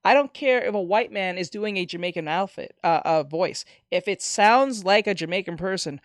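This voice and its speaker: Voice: mid-range voice, a little fast, hardly any pauses, no echo. Ranting live streamer, dry close sound. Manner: animated ranting with profanity, reads chat aloud. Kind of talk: casual live-stream chat.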